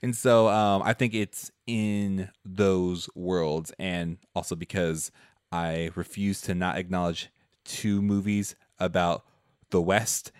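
A man chatting casually about movies, thinking aloud in a relaxed way with fillers. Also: sits low, clear, resonant tone, dry recording, studio quality. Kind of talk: casual film discussion.

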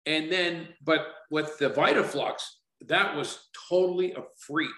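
Animated storytelling man in his sixties. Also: fairly high pitch, a little slow, echoey room, poor audio. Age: 60s. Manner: animated storyteller, acts out quoted dialogue. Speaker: company founder. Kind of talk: casual interview talk.

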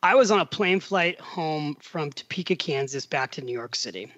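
A man's voice: on the high side, moderate pace, dry recording, highs cut off. A middle-aged man, a podcast guest, telling a long story in casual conversation and acting out the voices of the people in it. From United States. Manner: animated storyteller, acts out quoted dialogue. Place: home in Italy.

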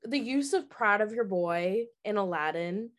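A woman's voice: medium pitch, lively intonation, measured pace. A woman co-hosting a podcast, gushing in casual chat and saying "like" often. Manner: gushing, lots of "like". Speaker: podcast co-host.

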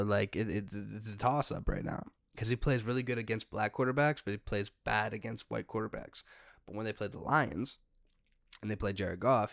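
A young man hosting a solo podcast, ranting in an exasperated way with sudden loud outbursts. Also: lowish voice, gravelly, no echo, studio quality. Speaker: podcast host.

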